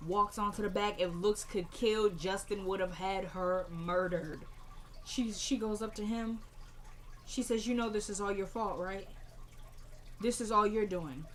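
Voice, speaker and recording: A woman casually recapping a TV drama episode, quoting each character quickly and animatedly. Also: medium pitch, slight background noise.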